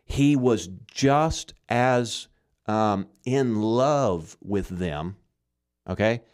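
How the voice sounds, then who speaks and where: A man's voice: lowish voice, extremely slow, darkish tone, smooth. A man from Arkansas giving earnest, emphatic Christian teaching in conversation, often checking in with "okay?".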